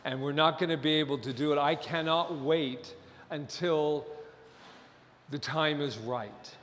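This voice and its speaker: Middle-aged man, impassioned sermon, fairly high voice, long hall reverb. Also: a little slow. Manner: impassioned, rising to near shouting at times. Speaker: minister.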